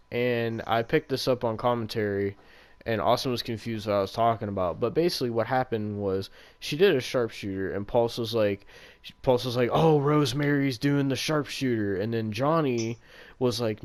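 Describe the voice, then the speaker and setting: A man's voice: on the low side, clear, resonant tone. A man co-hosting a podcast in casual chat, ranting in an exasperated, profane way about a wrestling match. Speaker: podcast co-host.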